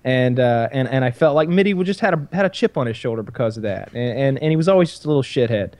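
A man's voice: medium pitch, lively intonation, fast talker, a little mellow, no room sound. A man telling a long story in casual chat, profane and rambling. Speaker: podcast storyteller.

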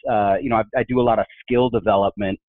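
He's a fast talker with a low-leaning voice, casually telling workplace anecdotes on a podcast and playing the voices in them with animated energy. The dry, tinny audio resembles a phone line, with no echo.

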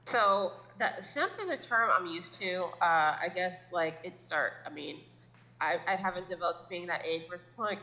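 Thirties woman, podcast co-host, rambling self-deprecating chat, bright tense tone, muffled lo-fi audio. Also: on the low side, normal speed. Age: 30s. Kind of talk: casual chat.

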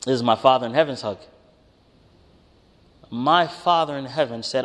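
A man preaching a conversational sermon, telling a personal story with animated, emphatic rises. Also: mid-range voice, moderate pace. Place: church hall with congregation. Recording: reverberant hall.

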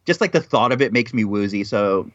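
A man's voice: fairly low pitch, lively intonation, a little fast, a bit bright, no room sound, highs cut off. A man co-hosting a casual chat show, teasing and joking as he tells a story. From United States. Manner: teasing, jokey, puts on a mock Russian accent in bits. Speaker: podcast co-host.

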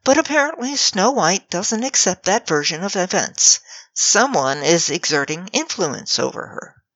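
A woman's voice: on the low side, very animated, a little slow, a bit bright, breathy edge, no room sound, voice pushed up, exaggerated voice. A woman voicing a sarcastic magic mirror spirit that mocks and teases in a dry, theatrical way, in a slightly dull audiobook recording.

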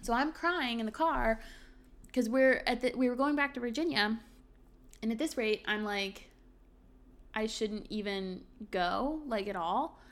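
Casting note: young woman, fairly high-pitched voice, candid solo podcast host reading journal entries, chatty with ums and likes. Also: moderate pace.

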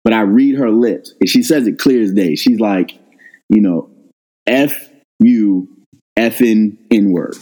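A middle-aged man, a guest on an interview, telling a personal story in a casual, animated way and jumping up in pitch when he quotes himself. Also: normal speed, rough recording. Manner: animated retelling, rises sharply when quoting himself. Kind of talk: conversational storytelling.

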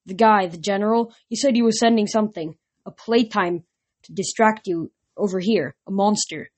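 A woman's voice: mid-range voice, normal speed, a little mellow, close to an everyday voice. A woman voicing a defiant teenage boy who talks urgently and emphatically.

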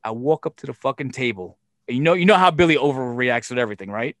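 Fast-talking animated man telling stories. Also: mid-range voice, no room sound, clean studio sound. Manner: animated, profane, acts out scenes with rising voice. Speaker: podcast host telling a story. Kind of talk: casual storytelling chat.

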